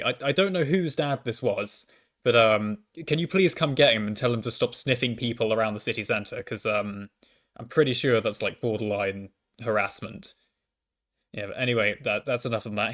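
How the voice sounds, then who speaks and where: A man's voice: medium pitch, a bit bright. Stammering young man telling a story. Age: young adult. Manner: hesitant, stammering restarts, self-deprecating. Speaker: university student. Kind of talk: casual storytime monologue. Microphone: microphone.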